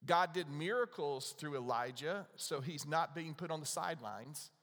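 Male pastor, conversational sermon, fairly high voice, long hall echo. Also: animated, moderate pace, fairly bright tone. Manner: conversational, asks the audience questions.

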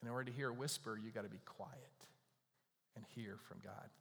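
A man preaching a sermon in a conversational way, with emphatic bursts that drop to soft, quiet lines. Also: on the low side, brisk, vocal fry. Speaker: pastor. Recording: long hall reverb.

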